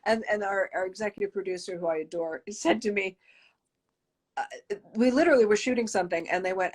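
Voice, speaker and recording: A woman's voice: mid-range voice, fairly quick, darkish tone. A woman puppeteer talking animatedly in an interview, laughing often and acting out quoted voices. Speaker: puppeteer guest. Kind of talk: casual interview chat.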